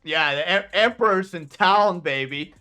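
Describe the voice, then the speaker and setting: A woman's voice: fairly low pitch, unhurried, pushed and bright, soft background music, pitched below the performer's own voice. A woman voicing a brash, bored male penguin boss who talks in a slangy, teasing street drawl. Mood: swaggering.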